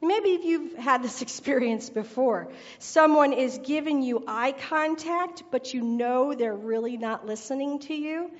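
A woman's voice: high voice, a little slow, few pauses. A woman preacher telling a joke and then giving her sermon, chatty and laughing at her own jokes. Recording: reverberant hall, dull sound.

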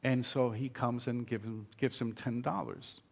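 A man's voice: medium pitch, fairly even intonation, unhurried, gravelly. An older man, a pastor, giving a sermon in a conversational storytelling way, with many fillers and restarts.

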